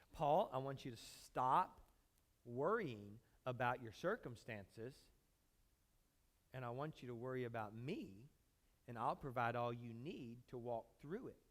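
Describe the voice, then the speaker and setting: A pastor preaching a sermon, acting out pleading prayers loudly, then dropping low and quiet. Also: male voice.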